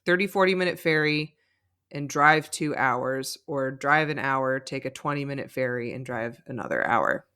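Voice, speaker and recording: A woman's voice: a bass voice, moderate pace, clear, resonant tone. A woman co-hosting a podcast, recapping reality TV in casual, chatty talk full of "like" and laughter. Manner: chatty, animated, lots of "like", laughs often. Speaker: podcast co-host.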